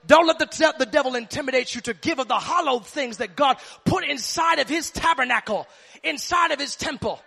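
A man preaching a fervent sermon in a very high voice with a gravelly edge. His tone is bright and cutting, and he leans on repetitive, driving phrases. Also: a little fast.

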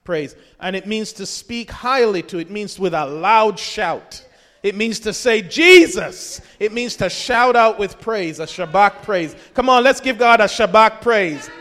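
A pastor with a high-pitched man's voice preaches with fervor, rising again and again into loud, ringing shouts. He exhorts the congregation in full sermon style.

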